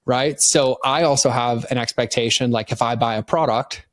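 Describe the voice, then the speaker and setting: A middle-aged man talks through business ideas in relaxed, conversational podcast style. He brings his points to life by acting out customers in quick, animated voices. His voice sits in a middle range and is recorded close and dry. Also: mid-range voice, no echo. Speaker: podcast guest, marketing consultant.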